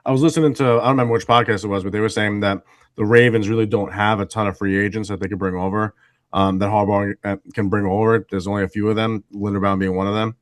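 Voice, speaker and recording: A man giving quick, confident opinions in casual sports podcast chat. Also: fairly low pitch, fairly even intonation, no echo. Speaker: podcast co-host.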